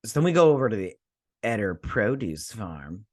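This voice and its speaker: A young man recaps a TV episode in a loose, rambling way, full of ums and false starts. His voice swings widely in pitch as he gets animated. The sound is dry and close, with no room echo. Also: moderate pace. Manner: rambling, many fillers and restarts; animated, acts out characters' lines. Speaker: TV show reviewer.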